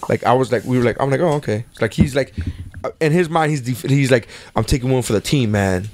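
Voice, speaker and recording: A man's voice: medium pitch, fast talker, darkish tone, a little hiss or hum. A man in casual chat, rambling and swearing as he acts out what others said. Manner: profane, rambling, acts out quoted lines.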